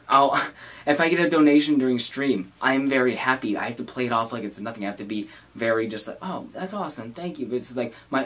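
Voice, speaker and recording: A young man talking to camera about his own feelings, halting and earnest, with many restarts. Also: mid-range voice, a bit bright, breathy edge. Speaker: content creator. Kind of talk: personal talk to camera.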